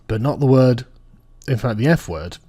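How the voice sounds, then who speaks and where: A commentary vlogger reacts to clips and articles with casual political commentary, profane, sarcastic, and frequently laughing. His mid-range voice is expressive and dark in tone, at a measured pace.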